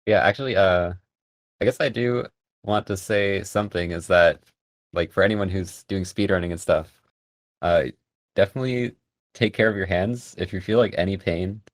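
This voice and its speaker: A man talks as a podcast guest in a soft, hesitant way, filling pauses with likes and ums. His voice is very low. The recording is close and dry. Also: steady tone, dry recording. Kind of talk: casual chat.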